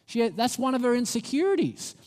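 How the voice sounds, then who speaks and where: A man's voice: very high-pitched, big pitch swings, a little fast, darkish tone. Man preaching in a reverberant hall. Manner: storytelling, self-deprecating and earnest. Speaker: pastor. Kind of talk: sermon.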